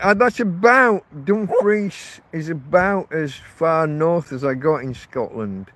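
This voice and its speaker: Slow and expressive, a fairly bright voice on the high side belongs to a vlogger camping rough in a windy field. He chats and rambles to viewers, correcting himself, recorded on a phone held in portrait mode; the sound is dry, with wind and faint outdoor noise.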